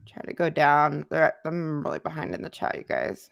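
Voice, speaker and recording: Reading chat comments on a laid-back livestream, a woman with a cold talks loosely, repeating things and leaning on fillers. Her low voice swings widely in pitch, carries vocal fry, and moves at a moderate pace with few pauses, in a dry, clean studio recording.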